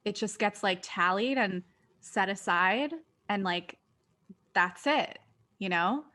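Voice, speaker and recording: Woman co-host, reflective, thinks out loud, chatty filler-heavy delivery, mid-range pitch. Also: expressive, takes it slowly. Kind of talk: casual conversation.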